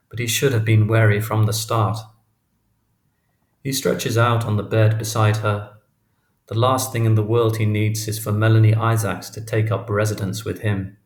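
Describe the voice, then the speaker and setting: A male audiobook narrator reads a literary novel from a script in a steady, even, measured manner. His voice is fairly low, and a roomy echo surrounds the recording.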